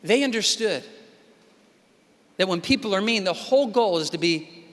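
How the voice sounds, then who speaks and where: This keynote speaker has a high, fairly bright voice with lively intonation and a normal pace. At a big convention he gives a forceful, motivational talk, now and then voicing characters in dialogue, all captured with reverberant hall acoustics.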